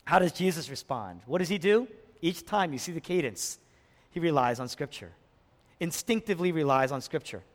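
A pastor preaching a sermon, impassioned, swinging between hushed and loud delivery. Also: male voice, on the high side, animated, moderate pace. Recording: long reverb of a large hall.

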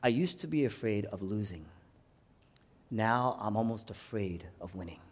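A man preaching a sermon, swinging from hushed low passages to loud, rising climaxes. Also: animated, moderate pace, breathy edge. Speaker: pastor. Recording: long hall reverb.

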